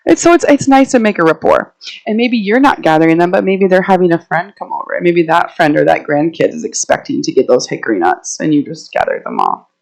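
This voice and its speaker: A woman's voice: lowish voice, big pitch swings, fairly quick, creaky, darkish tone, rough recording. A woman herbalist giving a casual, chatty talk to a live audience, telling stories and laughing often as she walks around the room. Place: indoor meeting room, walking around while speaking.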